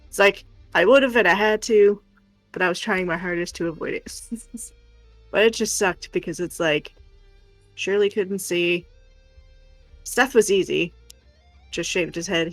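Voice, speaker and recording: A woman's voice: fairly low pitch, normal speed, dry recording, soft background music. A woman streamer telling stories in casual chat and laughing often. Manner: chatty storytelling, laughs often.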